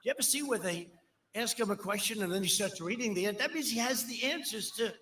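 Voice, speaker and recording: A man giving a rally speech in a rambling, repetitive way, jumping from shouted lines to low muttering. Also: fast talker. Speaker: political speaker at a rally.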